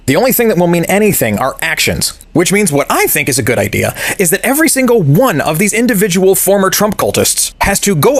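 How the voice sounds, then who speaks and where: A man with a high voice that leaps all over the place, firing out a fast, profane rant. He is scornful and sarcastic throughout, and his voice sounds close and dry. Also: dry recording. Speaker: political commentator. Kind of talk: ranting video commentary.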